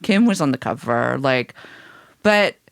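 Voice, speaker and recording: A woman co-hosts a podcast in wry, casual talk, reading passages aloud and swearing freely. Her pitch moves a lot, with mock-shocked peaks. The sound is dry and close. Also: animated, unhurried, vocal fry, no room sound. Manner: wry, sardonic, swearing, reads out documents. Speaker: podcast co-host. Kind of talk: casual chat.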